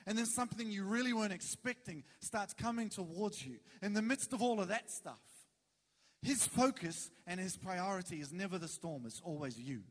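A male preacher talks through a sermon in a casual, animated way, leaning on dramatic pauses. His voice sits fairly high for a man. The sound carries the long reverb of a large hall.

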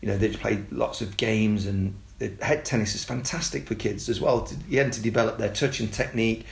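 A man, a youth football coach talking casually and telling animated stories. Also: brisk, creaky, roomy sound. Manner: animated storyteller, mimics excited kids in a high voice. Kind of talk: casual podcast chat.

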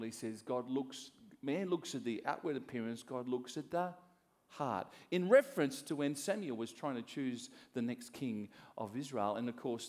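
Animated preaching man. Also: mid-range voice. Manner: animated preaching, swinging from soft to loud. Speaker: pastor. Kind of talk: sermon.

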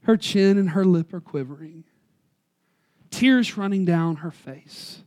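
A preacher's sermon story comes across as folksy and chatty, delivered at medium pitch. It moves between loud emphasis and hushed, slow stresses on key words.

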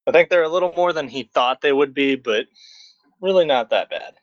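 A man co-hosting a casual anime podcast, chatting in a relaxed, agreeable way. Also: fairly high pitch, fairly quick. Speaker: podcast co-host. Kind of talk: casual chat. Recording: dull lo-fi audio.

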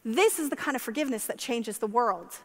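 A woman pastor preaching a sermon with passion, climbing to emphatic peaks and then falling soft. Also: on the high side, lively intonation, fairly quick. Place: church sanctuary. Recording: long church-hall reverb.

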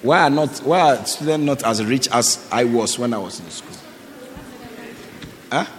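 A man's voice: medium pitch, animated, a little slow. A male pastor exhorts his congregation, repeating short commands and quizzing people directly as he calls them forward. His voice carries a long echo in the hall, with faint noise underneath. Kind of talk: sermon calling for offerings. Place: church.

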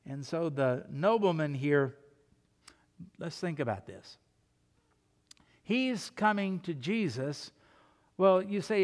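High-voiced pastor preaching emphatically. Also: male voice, animated, takes it slowly, pauses often, big-room sound. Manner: emphatic preaching with rhetorical questions. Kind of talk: sermon.

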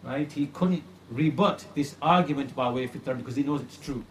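A man teaching a lesson on religious creed, earnest and repeating phrases for emphasis, slowing down to stress key points. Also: medium pitch, a bit bright, slight background noise. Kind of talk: religious lecture retelling a classical story.

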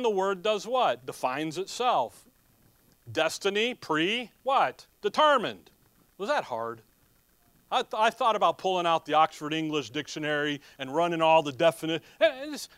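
A man's voice: high voice, a bit bright, no echo. A man preaching a Bible teaching sermon who asks his listeners questions and answers them himself, with joking asides. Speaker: pastor.

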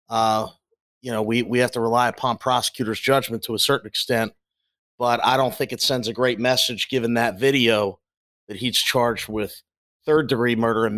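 A man's voice: lowish voice, a bit bright, dry recording. A man speaking earnestly with frequent restarts as a guest in a political discussion. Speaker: panel guest.

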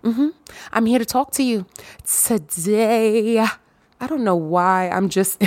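A woman's voice: fairly high pitch, dry recording. A woman hosting her own podcast in a casual monologue, playful and sassy, drawing out her words and dropping in little hums of agreement. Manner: playful, giddy, sassy, with drawn-out affirmations. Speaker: podcast host.

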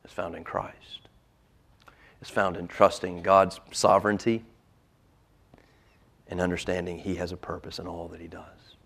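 A male pastor preaching a sermon, swinging from loud emphasis to hushed, whispered lines. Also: low-pitched, level tone, measured pace, creaky, pauses often.

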